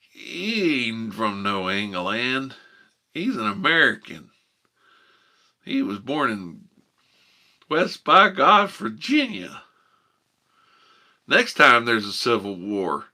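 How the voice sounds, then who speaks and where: A man putting on a rowdy, excitable backwoods country man with a put-on drawl, hollering and cackling. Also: medium pitch, full character voice.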